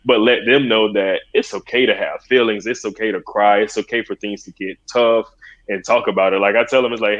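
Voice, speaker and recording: Podcast guest, man in his thirties, earnest and rambling, low-pitched voice, slightly dull lo-fi recording. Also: steady tone, brisk, a bit bright. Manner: earnest, rambling, frequent "like" and "so it's like". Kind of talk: casual conversation. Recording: dull lo-fi sound.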